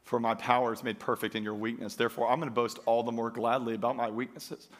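A man's voice: medium pitch, flat delivery, fast. A man preaching a sermon to a church congregation, emphatic and driving, calling out for praise in call-and-response. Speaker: pastor. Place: church sanctuary.

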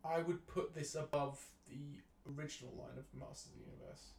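A man's voice: on the high side, fairly even intonation, brisk, gravelly, darkish tone. A man co-hosting a casual podcast chat, joking and laughing often. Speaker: podcast co-host. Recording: echoey room.

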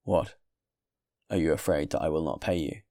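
A worn-out male traveller, stubborn and hungry, who speaks bluntly and keeps pressing his point. A man acts him out in a storybook reading, his voice low and gravelly. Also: steady tone, moderate pace, mellow, no echo, clean studio sound. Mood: insistent. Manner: blunt, insistent.

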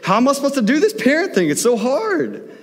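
A man's voice: extremely high pitch, huge pitch swings, a little fast, in a large hall, pitched above the performer's own voice, heavily acted. A man voicing his exasperated young wife, talking in a raised, indignant way.

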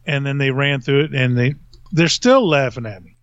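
The clip is muffled and dry: a middle-aged podcast host with a clean, medium-pitched voice tells a casual, rambling story at normal speed, making fun of himself and laughing.

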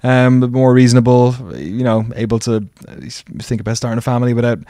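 An Irish man in his thirties talks as a podcast guest. His sentences ramble and restart as he goes. The sound is dry and close, with a middling pitch. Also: fairly even intonation, brisk, mellow, dry recording. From Ireland. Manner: rambling, with frequent restarts and laughs. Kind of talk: casual chat.

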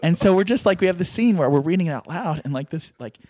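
A man's voice: high-pitched, animated, fast, warm tone. A middle-aged man and screenwriter, telling comic stories casually as a podcast guest and laughing through them.

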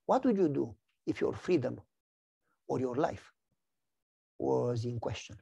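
Animated gravelly male preacher. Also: medium pitch, a little slow, lo-fi sound. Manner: animated storytelling, acts out voices. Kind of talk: sermon with personal testimony.

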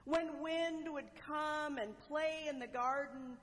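A woman preacher telling a parable as a sermon, with measured delivery and dramatic pauses. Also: high voice, a bit bright. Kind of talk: sermon storytelling. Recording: long echoing hall reverb.

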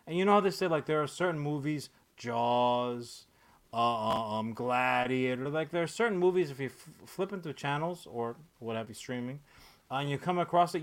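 Profane, ranting podcast host man. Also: a little high. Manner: profane, ranting, animated with filler words. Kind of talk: casual podcast chat.

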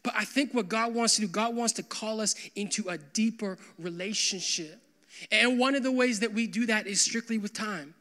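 A young man preaching as pastor, with a bright voice that sits high for a man. He keeps his sermon loose and conversational, full of "like" and quick asides to the church. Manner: conversational, animated, full of "like" fillers.

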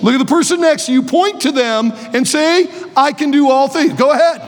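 Sixties male preacher, high husky voice, playful and shouty, long hall reverb. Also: a little fast, crowd noise, noisy background. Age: 60s. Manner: playful, joking, bursts into shouts. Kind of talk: energetic youth sermon.

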